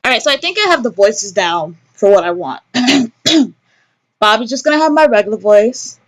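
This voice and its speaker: A woman's voice: on the high side, expressive, normal speed. Chatty woman doing game commentary. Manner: chatty, rambling, fond of swearing and jokes. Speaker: gamer, let's-play host.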